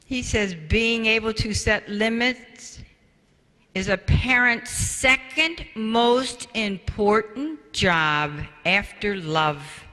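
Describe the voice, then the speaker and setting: A woman's voice: a little high, very slow, sharp tone. An older woman giving a spiritual parenting talk, telling stories and acting out the quoted voices with animation. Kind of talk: storytelling talk to an audience. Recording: reverberant hall.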